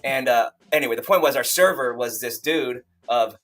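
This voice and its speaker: A man co-hosting an author podcast, excitable and slangy, telling stories in casual chat. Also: mid-range voice, normal speed, a little hiss or hum. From United States.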